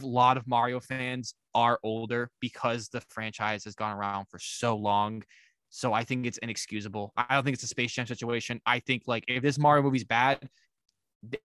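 A man's voice: mid-range voice, a bit bright, smooth, no room sound. A man co-hosting a casual movie podcast, blunt and swearing freely. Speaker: podcast co-host. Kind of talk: casual chat.

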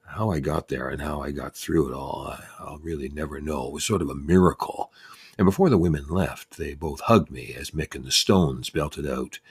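Very deep husky male storyteller. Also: moderate pace. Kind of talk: first-person story narration.

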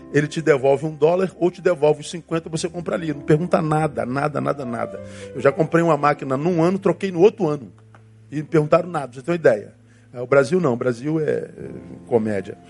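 A male pastor with a Brazilian accent preaches at a quick clip, his voice sitting a little high. He tells the story animatedly, with colloquial asides, while soft guitar plays behind him. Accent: Brazilian Portuguese. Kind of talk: sermon storytelling.

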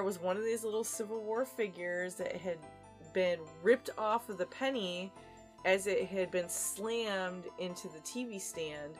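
A woman's voice: medium pitch, a little slow, soft background music. Woman podcast host, casual and giggly. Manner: giggly, chatty storyteller. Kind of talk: casual chat.

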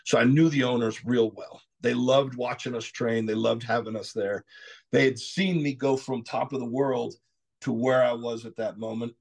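A middle-aged man from Texas, a podcast guest telling his story candidly, rambling and clearing his throat often. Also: medium pitch, fairly even intonation, normal speed. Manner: frequent "you know" asides.

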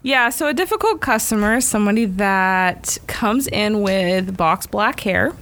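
A woman in her thirties, a salon owner and hairstylist, telling a story in casual chat and acting out the quoted dialogue with lively energy. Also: mid-range voice, unhurried. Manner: animated, acts out quoted dialogue.

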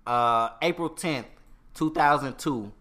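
A man with a bright, clear-toned voice tells a story in a relaxed, easygoing way. He swears casually and keeps the talk loose. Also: mid-range voice, takes it slowly. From Houston, Texas. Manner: laid-back, profane storytelling.

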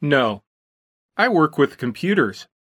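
A man's voice: a little high, big pitch swings, slow, a bit bright, pitched below the performer's own voice, heavily acted. A man doing a terse, tired male computer worker. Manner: terse, dry, clipped replies. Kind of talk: audiobook character voice.

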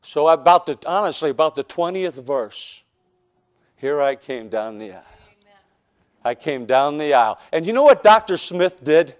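A pastor from the northern United States preaching a personal testimony sermon, telling his story with animated, joking storytelling that acts out scenes. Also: a little high, moderate pace.

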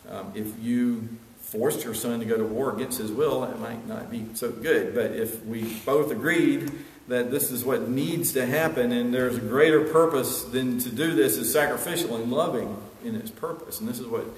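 A man preaching a sermon earnestly, building to emphatic peaks and then dropping quiet. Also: medium pitch, moderate pace. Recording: echoey hall with long reverb, faint ambience.

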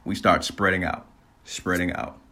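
A man casually telling a personal story, animated, laughing often and swearing freely. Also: low-pitched, normal speed.

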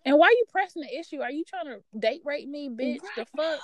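A woman's voice: sits high, animated, a little fast, dry recording. A woman co-hosting a casual chat, tossing in blunt, profane, teasing remarks. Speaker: podcast co-host.

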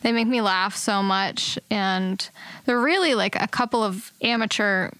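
A woman's voice: medium pitch, unhurried, fairly bright tone, no echo. A woman co-hosting a podcast in casual chat, talking freely with lots of "like" and "um" and laughing easily, recorded in an upstairs room at home. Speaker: podcast co-host.

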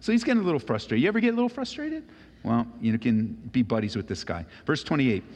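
A male pastor preaching a sermon, animated and acting out the voices of Bible figures. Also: medium pitch, fast. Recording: long reverb of a large hall.

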